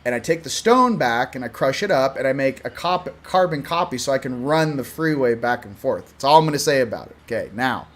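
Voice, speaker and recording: A man from Southern California hosting a spiritual channel, talking casually to camera, animated and laughing, swinging from hushed to loud. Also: mid-range voice, a little fast, hardly any pauses. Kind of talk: casual direct-to-camera talk.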